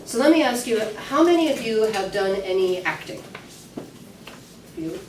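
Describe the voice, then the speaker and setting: At an early music event, a woman runs a singing workshop with lots of chatter, fillers, and restarts. Her a little high, slightly mellow voice is animated at normal speed, picked up by a faraway room mic in an echoey classroom with a little hiss or hum.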